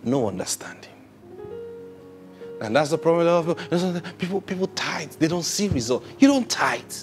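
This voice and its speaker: A male pastor preaching a sermon, swinging between loud emphatic bursts and soft near-whispers. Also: fairly high pitch, animated, normal speed, faint music behind.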